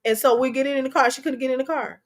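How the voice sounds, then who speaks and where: A woman's voice: high-pitched, fairly even intonation, fast talker. A middle-aged woman hosting a talk show, giving emotional commentary on a news story, preachy and impassioned and repeating herself.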